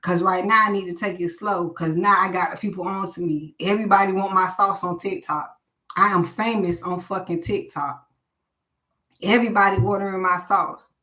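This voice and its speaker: A woman's voice: mid-range voice, steady tone, moderate pace, pushed and bright, close to an everyday voice. A woman voicing a brash sauce seller who boasts about suddenly getting famous. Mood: boastful. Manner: brash, bragging.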